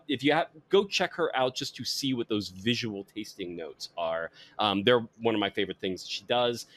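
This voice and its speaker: A man's voice: mid-range voice, fairly bright tone. A man hosting a podcast about wine and comics, talking casually and rambling through his plugs. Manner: rambling, self-correcting plugs. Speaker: podcast host.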